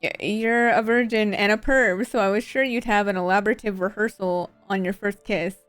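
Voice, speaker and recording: A prickly young woman scientist who stammers, argues and hides her feelings behind technical jargon, as a woman streamer reads her lines. Her voice sits in a middle pitch and sounds dry and close, with faint music underneath. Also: normal speed, fairly bright tone, no echo, natural voice. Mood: flustered. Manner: stammering, defensive, rattles off jargon.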